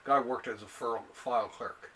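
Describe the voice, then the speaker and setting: A man's voice: medium pitch, steady tone, normal speed, pushed and bright, slight background noise. A man hosting a casual show about comic books, rambling and often laughing as he talks. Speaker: show host. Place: home library room.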